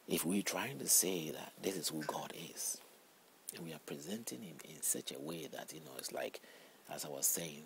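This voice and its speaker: Guy doing a loose bible talk, real low gravelly voice, slows way down when he reads verses. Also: fairly bright tone, poor audio. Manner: reads scripture slowly and emphatically, rambles with restarts. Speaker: lay preacher. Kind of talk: informal spoken Bible teaching. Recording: faint background noise.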